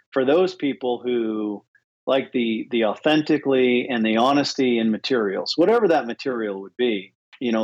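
A man's voice: medium pitch, slightly rough, dull audio. A man co-hosting a podcast in easygoing, rambling casual chat, agreeable and loose. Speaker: podcast co-host.

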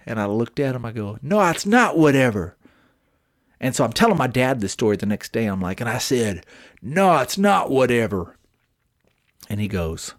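Young man, podcast co-host, casual storytelling, swings his pitch widely, profane. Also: sing-song, moderate pace.

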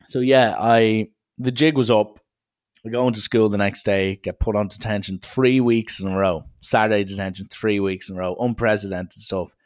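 A man's voice: fairly low pitch, fairly even intonation, moderate pace, a little mellow. Irish man telling a rambling story. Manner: rambling, self-mocking. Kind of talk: casual storytelling.

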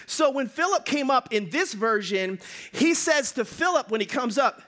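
A male pastor preaches with animated, humorous storytelling. His voice sits high and bright. It swings widely in pitch as he goes. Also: normal speed. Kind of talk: sermon.

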